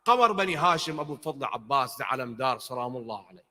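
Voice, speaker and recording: A man giving an impassioned sermon at a mourning gathering, swinging from soft to loud and putting questions to his audience. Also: medium pitch, lively intonation, fast talker, few pauses. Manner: asks the audience questions directly. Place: large hall with congregation. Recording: long hall reverb.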